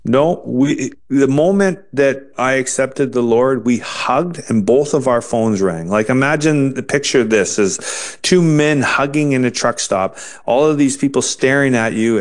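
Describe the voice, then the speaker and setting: A man telling his conversion story in an interview, earnest and halting, often restarting his sentences. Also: mid-range voice. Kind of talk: personal testimony in an interview.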